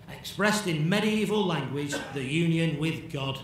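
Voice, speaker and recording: A man gives a chatty conference lecture and acts out bits of dialogue. His voice sits slightly high. He is picked up from a distance in an echoey hall, with faint noise underneath. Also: lively intonation, unhurried, few pauses. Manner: conversational, checks in with "yeah?", acts out imagined dialogue.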